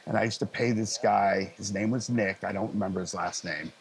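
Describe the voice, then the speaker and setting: A middle-aged man, a live sound engineer, telling lively, easygoing stories in a casual interview and acting out other people's lines. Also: fairly low pitch, fairly quick, creaky, a little hiss or hum. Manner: animated anecdotes, acting out others' lines in a raised voice; frequent fillers and restarts, easygoing.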